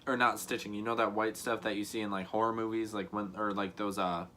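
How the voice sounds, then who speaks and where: A man's voice: fairly low pitch, a little fast, a little hiss or hum. Young guy doing a storytime vlog, lots of "like", keeps acting out what people said. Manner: animated, acts out other people's lines; frequent "like" fillers, laughs between lines. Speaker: vlogger.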